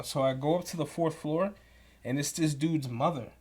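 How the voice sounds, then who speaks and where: A young man telling profane, animated work stories as a podcast co-host. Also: a little high, moderate pace. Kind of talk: casual storytelling.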